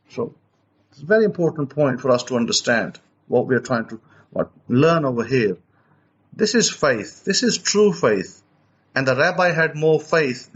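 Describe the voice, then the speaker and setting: Man preacher, slightly high voice, animated storyteller who restarts phrases; dull lo-fi recording. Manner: animated retelling, repeats and restarts words. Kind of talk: storytelling teaching.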